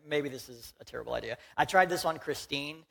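A man's voice: on the high side, fairly quick, gravelly, fairly bright tone. A young man from Houston, Texas, giving a conversational, joking sermon as a pastor in a church and talking directly to the congregation.

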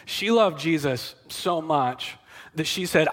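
A man preaching a conversational sermon in an earnest, emphatic way, often filling pauses with "like" and "um.". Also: on the high side, expressive, fairly bright tone. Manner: earnest, emphatic, filler-heavy. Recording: echoey hall reverb.

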